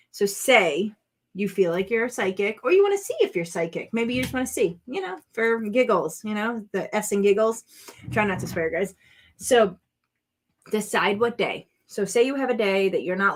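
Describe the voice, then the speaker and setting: Chatty woman crafting vlog host. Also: mid-range voice. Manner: chatty, rambling, talks to viewers and her dog. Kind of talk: casual chat while crafting.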